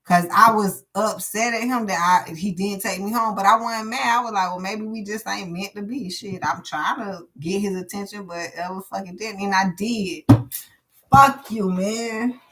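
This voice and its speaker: A woman's voice: medium pitch, moderate pace, few pauses, fairly bright tone. A woman, a tarot streamer telling her viewers a long personal story in a profane, emotional, run-on way.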